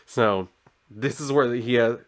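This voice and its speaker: Casual male comic reviewer, chatty, lots of "like", middle pitch. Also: takes it slowly. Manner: chatty, with frequent "like" and "so she's like".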